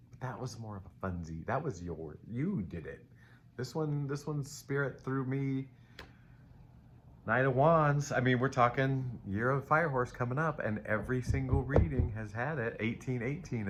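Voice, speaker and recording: In a medium-pitched, expressive voice and at a moderate pace, a middle-aged tarot reader gives viewers a casual live reading. His style wanders playfully, and he addresses them as "baby" over faint ambient noise.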